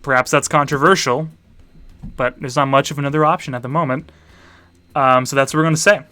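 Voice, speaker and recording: A man's voice: mid-range voice, steady tone, a little fast, pushed and bright, no echo. A man, a teacher hosting a party game stream for students, chatting casually with dry offhand asides as he sets up rounds. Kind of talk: casual livestream chat.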